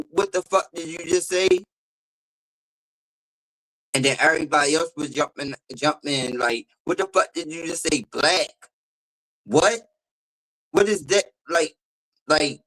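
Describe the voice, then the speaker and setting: A man tells a meandering story. He says "like" constantly and talks loosely. His voice has an ordinary middle pitch and comes over call audio. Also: a bit bright, low-quality recording. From Baltimore. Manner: rambling, says 'like' constantly. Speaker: panel guest. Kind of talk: casual storytelling.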